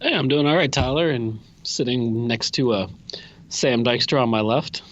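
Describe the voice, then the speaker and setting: A man contributes to a casual podcast chat with dry, mock-solemn humor. His voice sits at a mid pitch, and the recording sounds slightly dull. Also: moderate pace, a bit bright.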